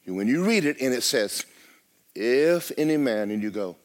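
A middle-aged male pastor, preaching loudly and with life, often dropping to a hush. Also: mid-range voice, moderate pace. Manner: loud, lively preaching with sudden drops to a hush. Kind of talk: sermon. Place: church.

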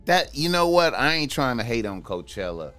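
A man's voice: medium pitch, big pitch swings, moderate pace, bright, forceful tone, faint music behind. A man in casual chat, talking loosely with a lot of profane slang.

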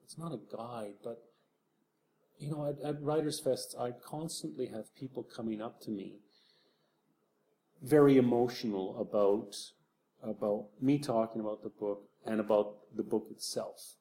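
A man with a dark, mellow and gravelly voice speaks reflectively in an interview. He talks in a soft, halting way, often circling back and restarting his sentences. A faint hiss sits behind him. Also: medium pitch. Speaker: author.

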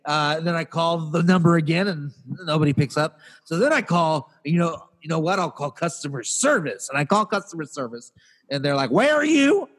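A man's voice: fairly high pitch, a little fast, a bit bright, big-room sound. A man co-hosting a podcast, telling an exasperated comic story in a casual rant and acting out the people he quotes in raised voices. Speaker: podcast co-host.

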